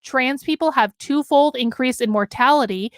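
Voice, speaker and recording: A woman's voice: sits high, normal speed, smooth, dry recording, studio quality. A woman hosting a live commentary stream, emphatic and losing her voice, reading out and answering chat. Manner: emphatic, talks with her hands. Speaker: host.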